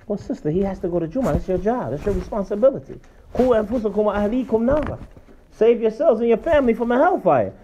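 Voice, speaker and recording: Male religious teacher, high-pitched, very animated delivery, casual street-level phrasing, emphatic. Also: a little fast, lo-fi sound, slight background noise. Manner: animated, colloquial, emphatic preaching. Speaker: Islamic teacher. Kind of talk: religious lesson.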